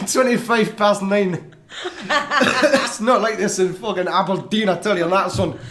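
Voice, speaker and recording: A woman's voice: mid-range voice, fairly bright tone, echoey room, slight background noise, close to an everyday voice. Woman doing a brash Glaswegian guy Kevin. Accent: Glaswegian put-on. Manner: swearing, blunt, slowed drawl. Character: brash Glaswegian man alter ego.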